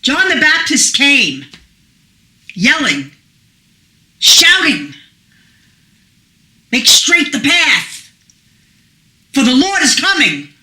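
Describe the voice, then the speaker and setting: Woman preaching hard, high bright voice, slow and emphatic, echoey room. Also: wildly swooping pitch. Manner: fervent, emphatic, rising to shouts. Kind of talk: sermon.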